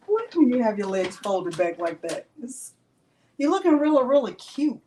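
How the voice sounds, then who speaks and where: A woman's voice: sits high, big pitch swings, normal speed, warm tone, a little hiss or hum, rough recording. A woman hosting a crafting livestream in casual, playful chat, greeting viewers by name and coaxing her pet in a teasing baby-talk voice. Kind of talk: casual live-stream chat.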